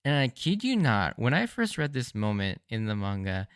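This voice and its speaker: A man hosting a solo podcast, recapping episodes in an enthusiastic, animated fan style. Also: mid-range voice, moderate pace, clear, resonant tone, no echo, studio quality. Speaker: podcast host. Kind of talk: casual solo anime rewatch commentary.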